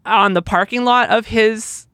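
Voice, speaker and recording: A woman's voice: fairly high pitch, steady tone, measured pace, fairly bright tone, dry recording, clean studio sound. A woman podcast co-host telling an emotional personal story, acting out the people in it with quoted dialogue.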